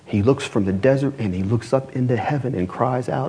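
A male pastor preaching a sermon, reading quotations slowly and rising in emphasis on key phrases. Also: medium pitch, mellow, breathy edge. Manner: reads quotations aloud slowly and deliberately.

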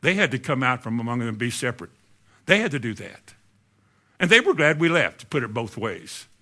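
A man's voice: mid-range voice, sing-song, a little fast, sharp tone. A male preacher, preaching a conversational sermon and asking the congregation questions.

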